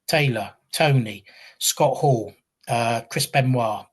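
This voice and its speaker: A husky-voiced man in his fifties from England tells his stories in a loose, rambling way. He restarts his sentences often and makes fun of himself as he goes, in easy conversation. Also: medium pitch, slow. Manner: rambling, self-deprecating anecdotes with repeated restarts. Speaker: guest, retired pro wrestler. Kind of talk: conversational storytelling.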